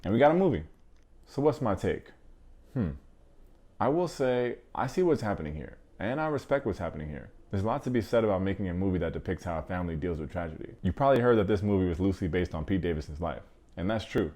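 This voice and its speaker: A man's voice: low voice, lively intonation, quick pace, darkish tone. A man hosting a weekly movie review channel, talking in a casual, slangy way with joking asides.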